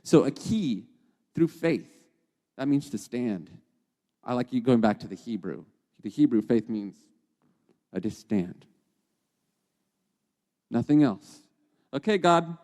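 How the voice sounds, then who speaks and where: A man of middle pitch gives a conversational devotional teaching, talking straight to his listeners and constantly checking in with quick questions. His voice trails off into a long, lingering reverb, as if he were in a big open room. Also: lively intonation, warm tone. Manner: chatty, keeps checking in with "okay?" and "right?". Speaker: podcast host and teacher.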